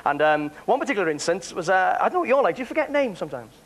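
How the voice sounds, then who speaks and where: A man, a stage entertainer, telling lively anecdotes with laughter and quick bits of mimicry. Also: high-pitched. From Wales. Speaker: entertainer guest. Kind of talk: chatty anecdotes with accent impressions.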